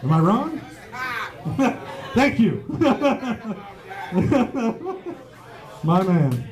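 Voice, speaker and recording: A man's voice: extremely high pitch, big pitch swings, extremely slow, a little mellow, soft background music, a faint crowd. A man doing a stand-up set on a pub stage, swearing freely and chuckling at his own jokes. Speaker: stand-up comedian. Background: faint live audience.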